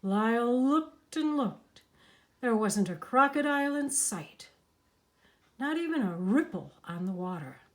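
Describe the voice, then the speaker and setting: A woman narrating a picture book aloud with an expressive, animated delivery. Her voice sits fairly high and swings widely through each line, and she takes her time. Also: a little slow. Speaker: storybook narrator.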